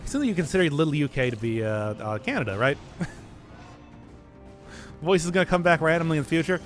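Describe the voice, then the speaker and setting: Male game streamer: high, animated voice, giggly self-mocking banter. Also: fast talker, long pauses, faint music behind. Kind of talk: casual gaming commentary.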